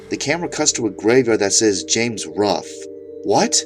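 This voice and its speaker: A man's voice: fairly low pitch, big pitch swings, normal speed, faint music behind. A man narrating an absurd comedic horror story in a mock-serious tone.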